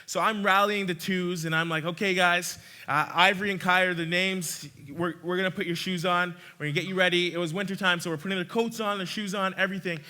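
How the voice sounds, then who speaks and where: A young man with a high, very bright voice tells a story from the front of a church. He is animated and chatty, often restarting his sentences and breaking into laughter. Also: brisk, hardly any pauses. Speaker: church speaker.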